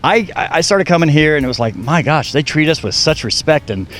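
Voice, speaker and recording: A man's voice: fairly high pitch, lively intonation, fairly quick, fairly bright tone, a little hiss or hum. A man hosting a motorcycle ride, chatting and joking with a restaurant owner outdoors. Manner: chatty, joking, repeats words. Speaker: host of a motorcycle ride event. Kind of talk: casual interview. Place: outdoors at a biker gathering.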